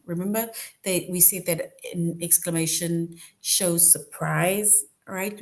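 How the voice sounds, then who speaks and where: A woman with a lowish, slightly mellow voice teaches young children a grammar lesson. She's patient and slow, deliberately repeating points and often checking in with "right?"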